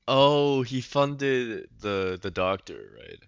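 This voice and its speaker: Laughing man with a lively dull voice. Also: medium pitch, slow, gravelly, smooth, no echo. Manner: laughs a lot, acts out characters in exaggerated voices. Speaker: podcast co-host reviewing webcomics. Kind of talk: casual chat.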